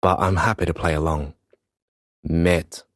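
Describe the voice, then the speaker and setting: A man's voice: low voice, steady tone, a little slow, dry recording, clean studio sound. A man reading a first-person audiobook in a weary, reflective manner. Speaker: audiobook narrator.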